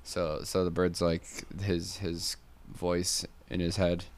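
Low-voiced man rambling through a story. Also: monotone, takes it slowly, smooth. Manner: rambling, laughs often. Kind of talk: casual improvised storytelling.

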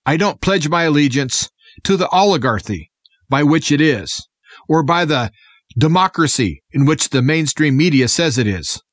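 A man from the United States guest-presenting a radio segment, his voice sitting somewhat high for a man. He speaks in an earnest, impassioned way. The sound is dry and close, with no room around it. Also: animated, moderate pace, no echo. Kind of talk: scripted radio monologue.

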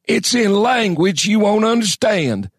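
A gravelly high old alien drifter. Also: male voice, animated, no echo, clean studio sound, full character voice. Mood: drawling. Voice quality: harsh, gravelly, wheezing. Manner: slow drawling folksy speech. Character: ancient wheezing old man claiming alien origin.

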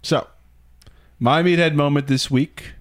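A man's voice: on the high side, measured pace. A man co-hosting a podcast, telling comic stories with lots of laughter. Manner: animated storytelling, laughs often. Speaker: podcast co-host. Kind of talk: casual comedic chat.

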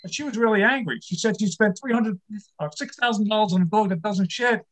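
A man's voice: high-pitched, fast. An older man performing a stand-up comedy set, telling wry, self-deprecating jokes about his marriage.

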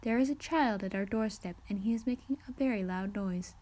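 A woman's voice: medium pitch, a little fast, a little mellow, natural voice. A woman reading as a polite AI assistant. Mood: formal.

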